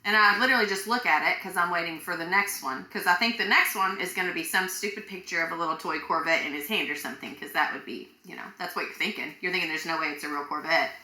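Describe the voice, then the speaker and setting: A woman co-hosting a podcast, telling a story in an animated way, acting out quotes and laughing often. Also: on the low side, fast, few pauses, reverberant. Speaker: podcast co-host. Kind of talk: casual chat.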